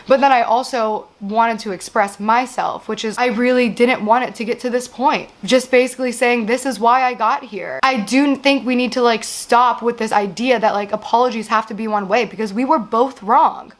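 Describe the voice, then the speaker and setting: A woman's voice: fairly high pitch, a little fast, few pauses. A woman in her thirties telling a long personal story as host, rambling with lots of "like" and swearing, exasperated as she vents. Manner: rambling, frequent "like" and profanity, exasperated venting. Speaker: show host. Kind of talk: candid storytelling monologue.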